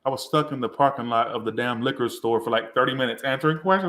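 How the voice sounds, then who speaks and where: A man's voice: medium pitch, quick pace, few pauses, a bit bright. A man giving a live tarot reading, rambling and crude, sounding tipsy and poking fun at himself. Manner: rambling, crude and self-mocking. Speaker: tarot reader. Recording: roomy echo.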